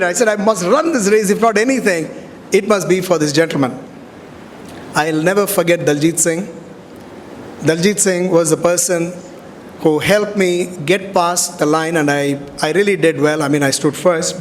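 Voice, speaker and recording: A middle-aged man, telling stories in a convocation speech and acting out the dialogue. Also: high-pitched. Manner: animated storyteller, acts out dialogue. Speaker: convocation speaker. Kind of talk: storytelling speech. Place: large hall. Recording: hall reverb, faint background noise.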